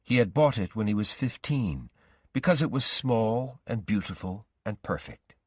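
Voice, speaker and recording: A male storyteller narrating a graded-reader story slowly and carefully. His voice is deep and husky, with a lively rise and fall. The recording is close and dry. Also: no room sound. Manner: slow, careful reading.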